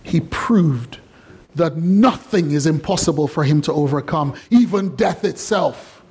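A man preaching a sermon in a lively, conversational and playful way. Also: a little high, unhurried, slight background noise. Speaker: pastor.

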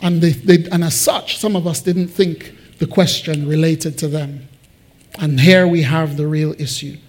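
A man preaching a sermon as pastor, asking the congregation questions and moving between loud emphasis and quiet personal confiding. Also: on the high side, fairly even intonation, a little slow.

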